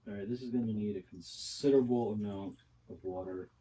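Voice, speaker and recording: A man's voice: fairly low pitch, a little fast, dark tone, a little hiss or hum, rough recording. A young man talking casually through a cooking vlog, rambling with lots of fillers and little asides. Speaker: bodybuilder vlogger.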